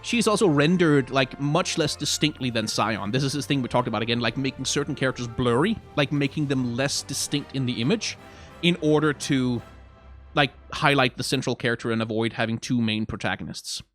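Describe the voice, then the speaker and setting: A man's voice: medium pitch, brisk, a bit bright, soft background music. A man giving casual live-stream commentary on game card art, rambling with many restarts, frank and self-deprecating.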